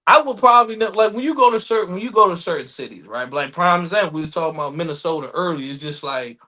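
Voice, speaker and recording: A man from Maryland co-hosting a podcast in casual chat, animated and profane, repeating himself as he goes. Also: high voice, quick pace. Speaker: podcast co-host.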